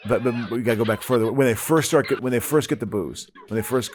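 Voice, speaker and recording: A man hosting a podcast, chatting casually while watching a movie, excitable and prone to stammering restarts. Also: mid-range voice, fast talker, slight background noise. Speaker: podcast host.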